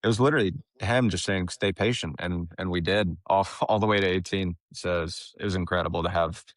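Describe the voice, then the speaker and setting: Young man telling a story, deep voice. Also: a little fast, dry recording, studio quality. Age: young adult. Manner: animated, laughs often, restarts phrases. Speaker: caddie, podcast guest. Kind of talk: casual storytelling interview.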